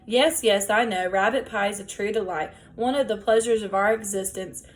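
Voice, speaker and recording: A woman voicing a huge, kindly bearded man of the road who speaks in gentle, formal phrases. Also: medium pitch, normal speed, close to an everyday voice. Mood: genial. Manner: courtly, gentle, wordy.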